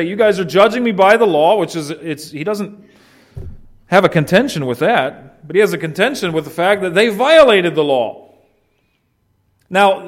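A man preaching an expository sermon, earnest and emphatic, often restarting phrases. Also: fairly high pitch. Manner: earnest, emphatic teaching with restarts and rising stress. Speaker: pastor.

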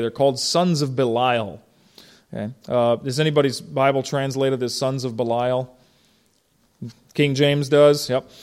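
Middle-aged male pastor, casual sermon delivery, slightly raised pitch, talks with the congregation. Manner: conversational, asks the congregation questions.

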